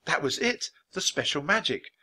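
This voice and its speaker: A man's voice: fairly high pitch, very animated, normal speed, pushed and bright, pitched above the performer's own voice, full character voice. A man voicing a cautious, earnest young boy.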